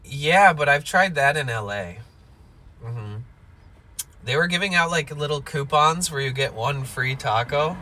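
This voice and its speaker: A man's voice: on the high side, expressive, a little slow, recorded from a distance. A young man chatting casually on a livestream by the coast, rambling and swearing, with lots of "like". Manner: rambling, laid-back and profane, full of "like". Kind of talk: casual live-stream chat. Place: outdoors by the coast, in or near a vehicle. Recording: loud outdoor wind and traffic noise.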